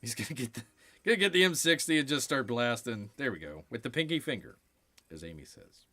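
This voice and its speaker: A man's voice: medium pitch, very animated, fairly quick, sharp tone. Joking man giving movie commentary. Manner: jokey, wry, often slips into silly voices. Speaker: streamer, host. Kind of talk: casual movie watch-along commentary.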